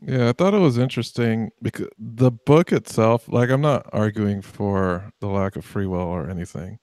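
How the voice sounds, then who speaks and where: Man, very low voice, mellow, dry close sound, measured, casual discussion. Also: no room sound. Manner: measured, qualifying his claims. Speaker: book club participant.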